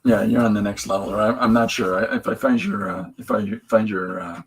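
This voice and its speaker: A man's voice: lowish voice, fairly even intonation, a little fast, a little hiss or hum, poor audio. A man hosting a live stream, chatting loosely and joking while he draws comics. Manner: joking, meandering, lots of restarts. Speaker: host drawing comics on a stream. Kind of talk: rambling live-stream chat while drawing.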